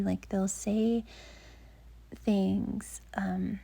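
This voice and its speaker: A young woman gives dating advice in a soft whisper, drifting along at an unhurried pace. Her voice is mellow and breathy, with a gravelly edge running through it. She rambles gently, leaning on filler words as she works through her thoughts. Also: mid-range voice, fairly even intonation.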